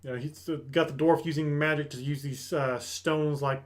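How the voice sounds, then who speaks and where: A man's voice: a little high, moderate pace. A man hosting an anime review, casually retelling an episode and briefly voicing the characters as he goes. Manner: animated storytelling that acts out characters' lines.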